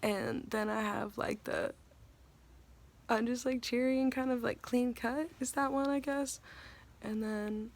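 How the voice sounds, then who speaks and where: Young actress vlogging; gravelly fry at line ends, rambling, giddy, self-deprecating, running on coffee and no food. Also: female voice, on the high side. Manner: chatty, rambling, self-mocking; giddy and scattered. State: hungry and tired. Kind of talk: casual vlog chat.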